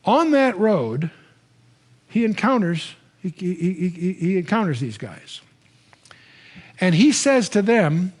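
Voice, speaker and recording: High-voiced older man teaching the Bible. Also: normal speed. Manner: conversational, animated storytelling with restarts. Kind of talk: Bible teaching lecture to a live audience.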